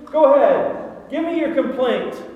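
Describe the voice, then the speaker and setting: A man's voice: very high voice, expressive, narrow, tinny audio. A man voicing God as a commanding divine figure, stretching out emphatic questions. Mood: challenging. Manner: emphatic, drawn-out pleading questions. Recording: echoey hall from far off.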